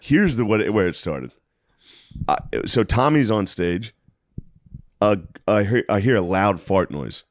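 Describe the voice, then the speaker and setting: With a lowish, expressive voice, this man talks at a measured pace and pauses often. He co-hosts a podcast and does stand-up, and here he's laughing a lot while telling a profane story in casual conversation, impersonating the people in it.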